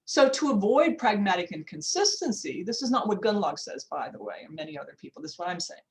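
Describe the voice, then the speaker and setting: This academic lecture is a workshop talk by an older female linguistics professor from the United States, delivered over video call. She speaks fast at a medium pitch with wide swings, keeps things casual and chatty, often restarts and goes off on asides, and says the time out loud. The recording is low quality.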